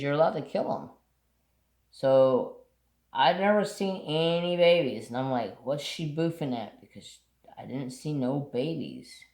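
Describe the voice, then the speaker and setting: A man hosting a craft channel, telling a story in a relaxed, rambling way and swearing casually. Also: mid-range voice, gravelly. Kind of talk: casual storytelling while painting. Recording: roomy echo.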